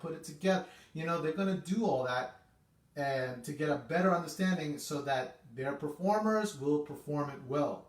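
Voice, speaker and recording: Chatty music teacher, echoey room. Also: male voice, on the high side. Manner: chatty, repeats itself, says okay often. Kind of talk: casual video music lesson. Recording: echoey room, mic at a distance.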